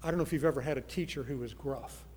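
A man preaching a sermon, earnest, moving from soft pleading to loud emphasis. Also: mid-range voice, fast talker, in a large hall, a little hiss or hum. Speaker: pastor.

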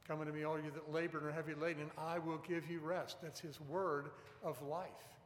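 A man's voice: on the high side, flat delivery, fairly quick. A man preaching a sermon in an earnest, emphatic way, pressing on key words. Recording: echoey hall with long reverb.

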